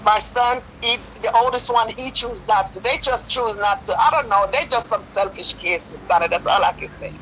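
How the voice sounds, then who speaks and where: A woman's voice: fairly high pitch, normal speed, hardly any pauses, fairly bright tone, poor audio. A woman in her fifties calling in to a talk show, pleading and telling a hurtful story at length. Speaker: caller. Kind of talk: call-in radio talk.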